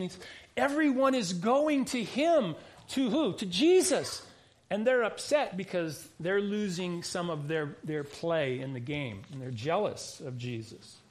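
High-voiced man preaching conversationally. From United States. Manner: conversational preaching with frequent restarts and asides. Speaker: pastor. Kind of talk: sermon.

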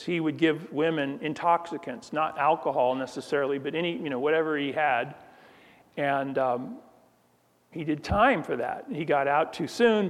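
A man preaching a sermon in a conversational way, often restarting phrases and putting questions to the room. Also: fairly high pitch. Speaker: pastor. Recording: long hall reverb.

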